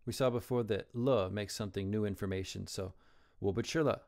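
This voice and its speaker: A man teaching Chinese characters, explaining strokes and tones slowly and carefully. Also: lowish voice, vocal fry, a little mellow. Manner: slow, careful modeling of pronunciation.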